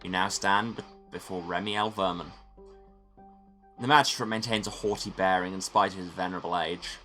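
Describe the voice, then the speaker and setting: Deep-voiced man narrating a game. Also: fairly even intonation, brisk, sharp tone, soft background music. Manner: dry, self-deprecating asides. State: tired. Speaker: streamer. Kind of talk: playthrough narration.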